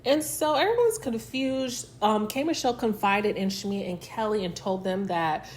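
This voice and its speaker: A woman's voice: medium pitch, lively intonation, normal speed, slight background noise. A woman casually recapping a reality TV episode, chatty and full of fillers, acting out what the cast said. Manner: chatty, filler-heavy retelling that acts out quotes.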